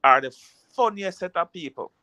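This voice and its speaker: A man's voice: high voice, expressive, normal speed, bright, forceful tone, dry recording. A man in a casual chat, telling jokey stories in patois-laced speech.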